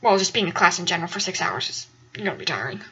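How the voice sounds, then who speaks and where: A woman's voice: lowish voice, lively intonation, fast, bright, forceful tone, highs cut off, a little hiss or hum. A young woman telling a story in a casual, chatty way, rambling and repeating herself for emphasis. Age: young adult. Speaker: vlogger.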